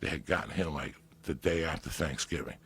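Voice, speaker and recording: A man spins a profane, animated story in casual talk. His voice sits very low and gravelly, with a rough, husky grain, and he punches words with sudden loud emphasis. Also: fairly quick. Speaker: podcast guest.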